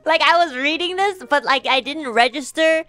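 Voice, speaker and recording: A young woman streamer telling a story in casual chat, animated, laughing often and swearing freely. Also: high voice, normal speed, soft background music.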